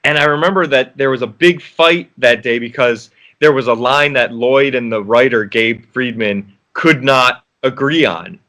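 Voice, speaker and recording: A man's voice: medium pitch, normal speed, few pauses, pushed and bright. A man, an actor guest, chatting casually in an interview, rambling with restarts and frequent laughs.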